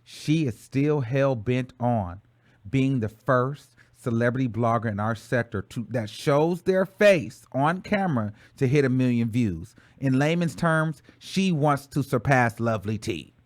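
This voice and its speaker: A man hosting a casual commentary chat, talking emphatically and insistently in quick bursts. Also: mid-range voice, expressive. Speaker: show host. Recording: tinny phone-like line.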